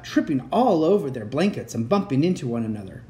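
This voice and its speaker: A man reading a children's chapter book aloud as a bedtime story, with expressive narration. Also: fairly high pitch, fairly quick, hardly any pauses.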